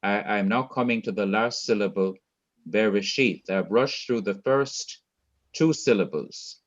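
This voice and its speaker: Slow, deliberate Jamaican male teacher. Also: fairly low pitch. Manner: slow, deliberate, repeats key words and quizzes students. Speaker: Hebrew teacher. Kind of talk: online Bible language lesson. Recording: dull lo-fi sound.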